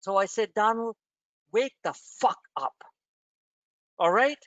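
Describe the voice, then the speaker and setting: Man, trading webinar host, blunt, profane, emphatic, high voice, dry sound. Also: animated, slow pace, a bit bright, dry recording, dull audio. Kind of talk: live trading webinar rant.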